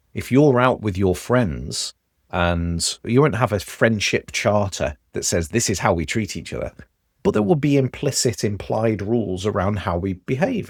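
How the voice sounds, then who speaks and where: A man with a Stoke Midlands accent, a podcast guest telling lively examples in casual conversation. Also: fairly low pitch, slightly rough, no room sound, clean studio sound. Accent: Stoke, English Midlands.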